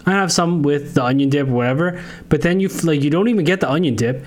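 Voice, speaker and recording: Man, podcast co-host, somewhat high voice, easygoing, enthusiastic, casual chat. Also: quick pace, a little mellow.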